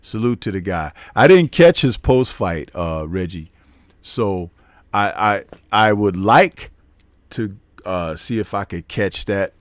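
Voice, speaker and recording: A man's voice: lowish voice, animated, slow, no echo. Laid-back man rambling about boxing. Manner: rambling, chuckles at his own jokes. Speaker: boxing show host. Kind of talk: casual post-fight commentary, reading live chat.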